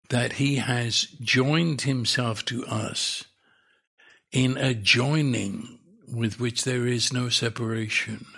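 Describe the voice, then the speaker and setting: A gravel-voiced, husky male preacher takes his time with a sermon, repeating words to stress them and raising his pitch as he grows more excited.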